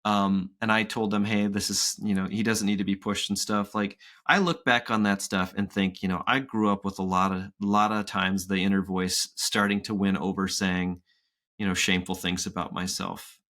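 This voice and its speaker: A man's voice: sits low, moderate pace. A man in his thirties co-hosting a casual podcast chat, telling stories and acting out quotes. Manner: animated storytelling with acted-out quotes. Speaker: podcast co-host.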